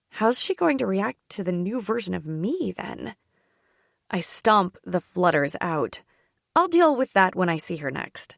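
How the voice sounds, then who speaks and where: A woman with a creaky, mid-range voice narrates a first-person romance audiobook at a measured pace. Her reading is intimate and expressive, captured dry on a close studio mic.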